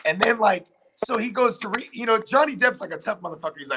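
A man's voice: sits high, lively intonation, quick pace, noisy background. A man hosting a casual chat, telling a long story loosely with lots of fillers and swearing. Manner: rambling storyteller, heavy filler and profanity.

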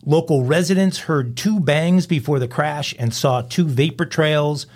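A man hosting a crime news show, reading headlines in a steady, conversational way with dry asides. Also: fairly high pitch, unhurried. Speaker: host.

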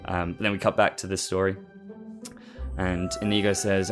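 A man's voice: sits low, little pitch movement, normal speed, music in the background. A man casually recapping a story as host, rambling with lots of fillers and laughing at himself. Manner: rambling, with many fillers and restarts, and amused.

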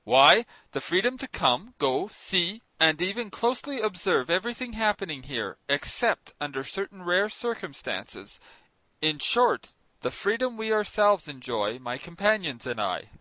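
A man reading an audiobook, voicing a stern, mysterious sea captain who speaks in a cold, commanding, measured way. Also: high voice, big pitch swings, sharp tone, no room sound, heavily acted, low-quality recording. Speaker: narrator voicing characters.

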